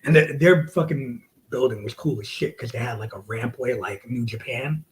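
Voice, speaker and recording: A man's voice: medium pitch, normal speed, slight background noise. A man who wrestles, telling a story to a podcast host in a casual, profane way. He acts out the quotes and sometimes drops to a whisper.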